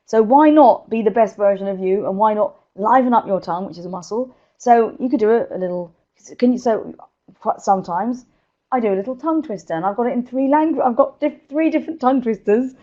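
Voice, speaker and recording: An energetic woman speaker, giving presentation tips in a live webinar and laughing often. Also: a little high, brisk, dull audio.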